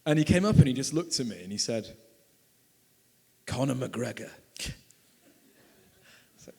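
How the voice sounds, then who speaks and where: Animated British male storyteller, hall reverb. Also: fairly high pitch. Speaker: author and filmmaker. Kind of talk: storytelling at a book talk. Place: event hall.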